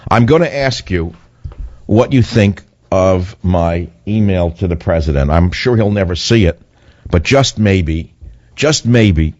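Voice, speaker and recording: Older guy ranting on talk radio, low voice, muffled dry broadcast sound. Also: a little slow, darkish tone, no room sound. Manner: emphatic, repetitive, mocking whiny voices. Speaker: radio talk show host. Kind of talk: radio monologue. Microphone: studio microphone.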